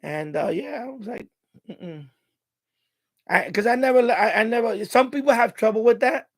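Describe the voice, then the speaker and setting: A middle-aged man with a rather high, gravelly voice tells stories in a loose, rambling way. He laughs often and circles back on his own phrases. The sound is close and dry, with almost no room around him. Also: brisk, no room sound. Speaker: live stream host. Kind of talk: casual storytelling monologue.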